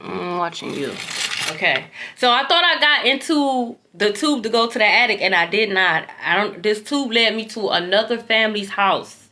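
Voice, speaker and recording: A woman, telling viewers a long dream story in a loose, animated way, swearing freely and talking straight to them. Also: medium pitch, moderate pace, few pauses, a little hiss or hum. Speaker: tarot reader recounting a dream.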